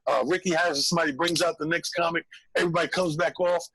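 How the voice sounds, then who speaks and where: A man, a comedian telling an animated story on a call-in show, acting out voices. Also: on the high side, fast talker, husky, no room sound, low-quality recording. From Brooklyn, New York. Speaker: comedian guest.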